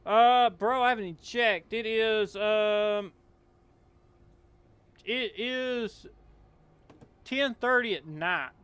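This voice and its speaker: A young man with a Southern accent talks casually over a game stream, his voice sitting fairly high for a man and coming through smooth and clear. He rambles and drawls, full of fillers and restarts. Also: slow, pauses often, fairly bright tone. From Appalachian Kentucky, US. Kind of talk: casual gameplay chat.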